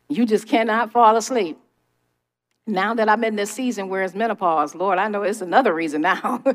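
A middle-aged woman preaching a conversational sermon, emphatic and testifying, talking straight to her listeners. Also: mid-range voice. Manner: emphatic, testifying, speaks to the audience directly.

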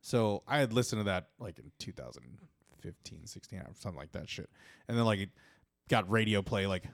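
A man's voice: lowish voice, expressive, brisk, no echo, studio quality. A young man co-hosting a casual podcast chat, laid-back and sweary with sarcastic asides. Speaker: podcast co-host.

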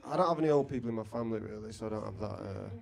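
A man's voice: on the low side, rapid-fire, creaky. A man from Blackpool, co-hosting a live comedy podcast with rude, blunt, jokey storytelling. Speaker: podcast co-host. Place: live venue with audience. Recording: live show with loud crowd.

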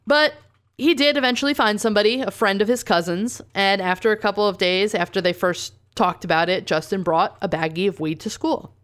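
A woman's voice: mid-range voice, brisk, a bit bright. A woman, co-hosting a podcast and casually telling a true crime story, reading quotes aloud and saying "like" often. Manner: casual, says "like" a lot, reads quotes aloud.

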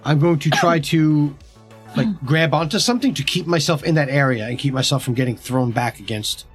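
A man's voice: a little high, fairly quick, soft background music. A man playing a tabletop game, thinking aloud about how his character moves. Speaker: player. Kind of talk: casual tabletop play.

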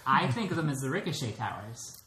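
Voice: medium pitch, big pitch swings, fairly quick. A co-host chatting casually, playfully prompting stories. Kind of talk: casual chat. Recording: roomy echo with faint noise.

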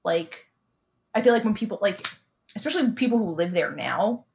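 A young woman from Brooklyn, co-hosting a podcast in casual chat, telling animated, profane stories and mimicking people. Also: mid-range voice, normal speed, vocal fry, a little hiss or hum. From Brooklyn, New York. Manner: animated storytelling, swears freely, mimics others. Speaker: podcast co-host.

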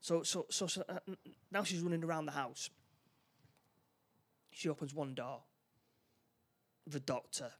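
A man's voice: fairly high pitch, fairly bright tone. A man chatting casually as he recaps a film plot, stumbling over restarts and acting out the characters' lines. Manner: halting, many restarts, acts out lines.

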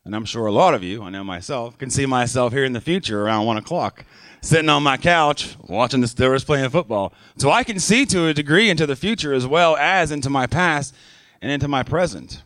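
A man's voice: medium pitch, lively intonation, a little fast, fairly bright tone, dry recording. A man preaching a sermon to his church congregation in a conversational way, often checking in with "right?" and using fillers. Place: church sanctuary.

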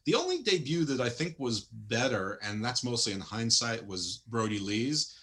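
A man's voice: mid-range voice, normal speed. A man co-hosting a casual wrestling podcast, opinionated and full of restarts. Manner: opinionated, lively, stumbling restarts. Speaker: podcast co-host.

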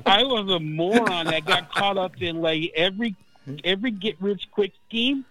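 Profane, animated man, high voice. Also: normal speed, no room sound, low-quality recording. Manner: animated, profane, says man and dude constantly. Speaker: phone-in guest. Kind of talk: casual storytelling chat. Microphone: phone line.

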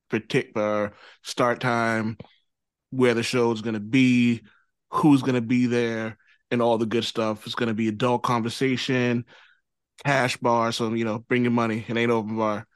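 A man's voice: mid-range voice, flat delivery, moderate pace, no room sound. Guy hosting a podcast, rambly casual chat, mid voice, dry close sound. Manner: loose and rambling, often adding "you know what I mean". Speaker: podcast host.

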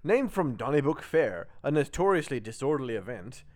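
A man's voice: medium pitch, very animated, fairly quick. A man, a guest in a casual podcast chat, dry and wry.

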